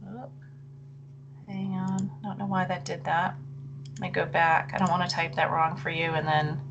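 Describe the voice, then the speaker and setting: A middle-aged woman leads a live online session for teachers over a computer mic. She talks in a chatty, apologetic way and thinks aloud as she clicks through. Her voice wavers, she keeps clearing her throat, and a faint hum sits behind her. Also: fairly low pitch, little pitch movement, normal speed. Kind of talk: live webinar presentation.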